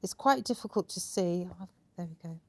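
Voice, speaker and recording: A woman's voice: lowish voice, animated, a little fast. A woman hosting a hands-on crafting workshop, chatty and encouraging, praising her guests often as she explains each step. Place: indoor crafting table.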